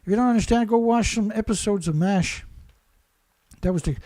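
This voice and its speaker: A man's voice: sits high, moderate pace, warm tone. A man hosting a show and delivering an angry, insult-heavy monologue, repeating himself as he rants. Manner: ranting, insulting, repetitive. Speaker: show host.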